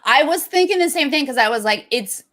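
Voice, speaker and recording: A woman's voice: high voice, lively intonation, fairly quick, a bit bright. Wry woman host recapping reality TV. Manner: wry, dismissive asides. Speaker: podcast host. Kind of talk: casual reality TV recap chat.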